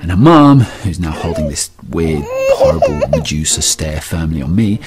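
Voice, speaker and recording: Wry deep-voiced dad telling a story. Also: male voice, huge pitch swings, normal speed. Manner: wry, self-mocking. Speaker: storyteller, father. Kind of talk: comic personal story.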